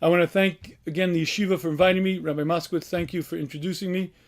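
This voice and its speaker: High-voiced rabbi giving a sermon. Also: male voice, steady tone, quick pace. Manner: storytelling, acts out quoted voices, frequent throat clearing. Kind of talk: inspirational sermon. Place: yeshiva event.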